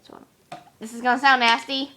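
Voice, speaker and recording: A woman talking casually to her camera at home, excitable and quick to exclaim. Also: fairly high pitch, a little hiss or hum. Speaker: vlogger. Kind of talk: casual chatty vlog.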